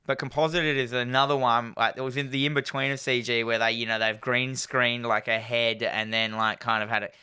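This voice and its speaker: A man's voice: medium pitch, flat delivery, pushed and bright, clear, resonant tone, no echo, studio quality. A man casually recapping a horror movie, rambling and acting out the characters' lines. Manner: rambling, acts out lines in quick put-on voices. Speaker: podcast co-host.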